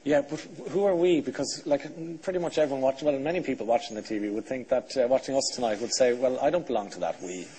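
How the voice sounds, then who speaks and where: A man's voice: medium pitch, fast, hardly any pauses, mellow, slight background noise, poor audio. A man in his thirties with an Irish accent, hosting a TV talk show and firing probing follow-up questions at his guest. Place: TV studio.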